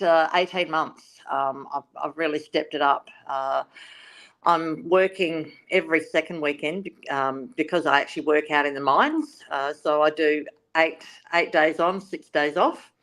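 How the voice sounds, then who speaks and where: Australian woman, halting and chatty. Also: sits low, fairly bright tone. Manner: hesitant, many fillers and restarts. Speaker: guest singer-songwriter. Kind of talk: casual interview chat.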